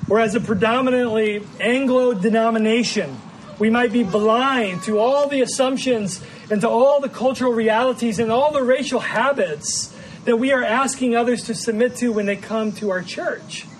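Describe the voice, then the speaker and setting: A man from the American Midwest with a Midwestern accent, preaching an earnest, measured sermon as pastor and often repeating words as he finds his phrasing. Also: extremely high pitch, slight background noise, rough recording. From Midwestern United States.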